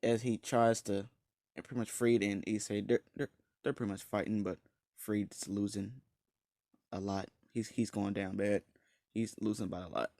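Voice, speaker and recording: Gravelly low-voiced man rambling a story. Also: steady tone, moderate pace, a little mellow, dry recording, studio quality. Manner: rambling, slangy, with restarts and swearing. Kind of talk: casual fan-story narration.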